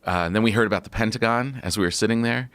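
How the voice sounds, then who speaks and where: A man on a podcast tells a personal story at length, looping through fillers and restarts. His voice sits on the low side and is recorded close and dry in a studio. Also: very fast, a bit bright, no echo. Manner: rambling, filler-heavy anecdote telling. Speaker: podcast guest. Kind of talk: casual storytelling.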